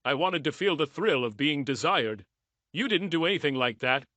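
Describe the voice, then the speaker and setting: A woman's voice: deep voice, animated, moderate pace, a bit bright, no echo. A man reading the lines of a remorseful unfaithful wife, speaking in a pleading, apologetic way. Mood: confessing.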